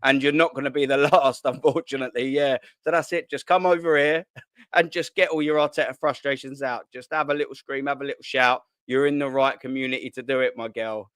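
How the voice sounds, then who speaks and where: A young man, hosting a casual live stream from his kitchen at home, talking in excitable slang, swearing and repeating himself. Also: medium pitch, fairly quick, smooth, dry recording, studio quality. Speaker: football channel host. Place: at home, sitting at a kitchen island.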